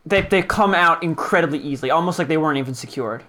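A game master narrating a tabletop role-playing game in an animated, halting way, with many fillers. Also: mid-range voice.

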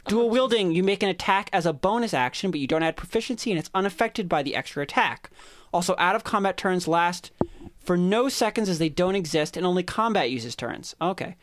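A man's voice: high voice, expressive, fairly quick, fairly bright tone. A man hosting a tabletop-game podcast and running its game, reading listener letters aloud with asides and restarts on a close mic. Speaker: podcast host and game master. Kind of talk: reading listener mail, casual chat.

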